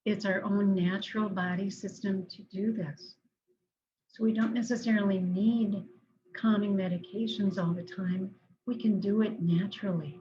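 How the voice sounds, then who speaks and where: A woman counselor giving a calm, instructive talk on managing anger, slowing down to guide breathing exercises. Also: mid-range voice, dull audio.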